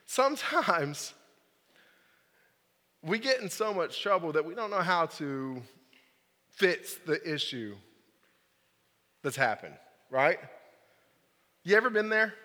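A man's voice: on the high side, sing-song, slow, long pauses, bright, forceful tone. A young man, a youth pastor, telling a personal story in a casual, joking sermon, full of "like" and "right?". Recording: large hall with long reverb.

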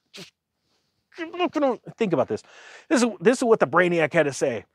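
Animated sarcastic man ranting. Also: high-pitched, brisk, pauses often, no echo, clean studio sound. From United States. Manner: animated, sarcastic, mocking voices for others. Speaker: finance commentator. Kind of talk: casual rant commentary.

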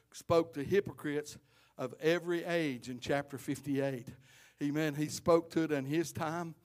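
Fervent preacher, high-pitched man. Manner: rises to loud impassioned cries, drops to quiet asides. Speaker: pastor.

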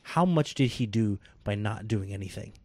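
A man's voice: on the low side, animated, normal speed, darkish tone, dry recording. A man co-hosting a casual podcast, asking teasing questions and cracking jokes. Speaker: podcast co-host. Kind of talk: casual wrestling chat.

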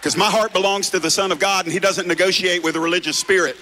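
A male pastor preaching an impassioned revival sermon, swinging between shouting and hushed tones. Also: high voice, steady tone, quick pace, slight background noise.

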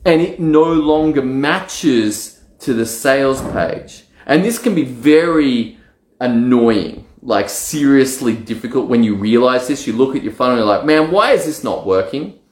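Male coach, mid pitch, lively self-talk, roomy recording. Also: measured pace. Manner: energetic, acts out excited self-talk. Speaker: marketing coach. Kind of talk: solo direct-to-camera talk. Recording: roomy echo.

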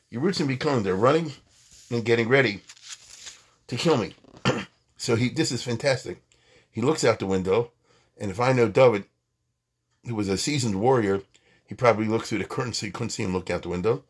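A man giving an animated, conversational Torah lecture, acting out quoted lines. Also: medium pitch, husky. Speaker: Torah teacher.

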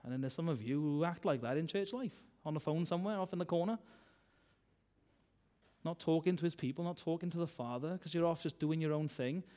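A man, a minister preaching a sermon in a chatty style, full of tag questions and swings between loud and soft. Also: a little high, a little fast.

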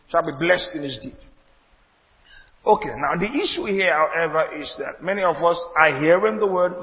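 A man preaching a sermon as pastor, repeating phrases and building emphasis. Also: high-pitched. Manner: preaching with rising emphasis and repetition. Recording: dull audio in a reverberant hall.

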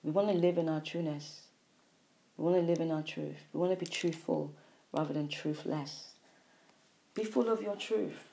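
A woman giving a spiritual monologue, repeating phrases in a preachy way, sighing and swinging between soft and loud. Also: sits low, normal speed, gravelly. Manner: repetitive, preachy, with sighs and emphatic swings in loudness. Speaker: spiritual speaker.

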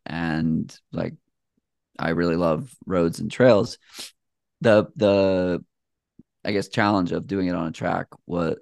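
A man's voice: sits low, gravelly, dry recording, studio quality. A man talking as a podcast guest in easygoing, rambling casual conversation with plenty of fillers. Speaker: podcast guest, shoe reviewer.

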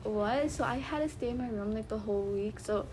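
A woman's voice: on the high side, quick pace, darkish tone. A young woman co-hosting a podcast in casual chat, telling her stories by quoting what others said. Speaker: podcast co-host.

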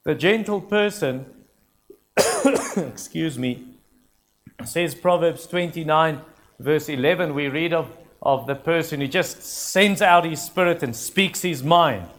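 A man's voice: on the high side, slow, fairly bright tone. Earnest preacher man. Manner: earnest, emphatic, repeats key phrases. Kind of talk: sermon.

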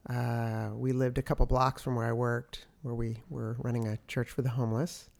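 A man in his forties, a pastor and podcast co-host, reflecting calmly with his wife on a stressful period and often agreeing with her. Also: mid-range voice, moderate pace, gravelly. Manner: reflective, affirming, with fillers. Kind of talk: casual conversation with spouse.

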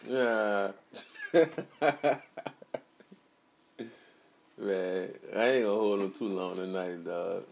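A man's voice: lowish voice, extremely slow, gravelly, pauses often. A man co-hosting a casual late-night chat, laid-back and slangy, chuckling often. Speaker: podcast co-host.

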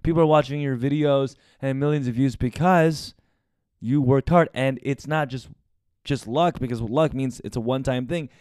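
A man's voice: medium pitch, moderate pace, darkish tone, clean tone, no echo, clean studio sound. A young man from the United States hosting a casual podcast monologue, talking candidly and confessionally and swearing often. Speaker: podcast host.

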